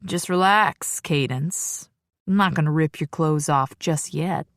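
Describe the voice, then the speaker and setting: A cocky, crude male biker, as a woman narrator puts him on teases with slow, suggestive lines. The voice sits fairly low and sounds close and dry, with no room around it. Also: no echo. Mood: cocky teasing. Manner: teasing, suggestive delivery.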